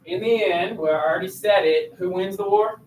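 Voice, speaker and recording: Sitting high with a darkish tone, the teacher's voice moves fairly quickly as he chats through a lesson and quizzes the students. The classroom is echoey, and he sounds distant from the microphone.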